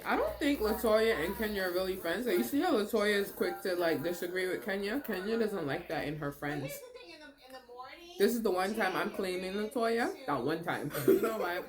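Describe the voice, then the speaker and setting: A young woman talks casually into her camera as she reacts to a reality show. Her pitch swings widely, and her delivery is blunt and exasperated, with frequent laughter. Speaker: reality TV recap vlogger.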